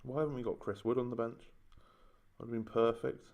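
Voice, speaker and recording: A man's voice: medium pitch, steady tone, brisk, creaky, dull audio. Exasperated man moaning over a game. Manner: moaning, exasperated running commentary. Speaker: gaming YouTuber. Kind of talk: casual let's-play commentary.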